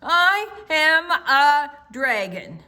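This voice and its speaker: A woman voicing a stubborn little dragon who slowly and firmly insists on being a dragon. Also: a little high, expressive, pushed and bright, pitched above the performer's own voice, full character voice. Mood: insistent. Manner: insistent, slow and emphatic.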